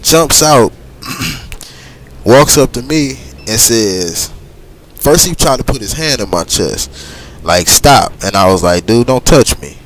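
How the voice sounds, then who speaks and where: A middle-aged man telling a long personal story casually while gaming, rambling and animated. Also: mid-range voice, slow pace, pauses often, a little hiss or hum. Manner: animated, rambling, frequent "you know what I'm saying". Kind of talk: casual storytelling over gameplay.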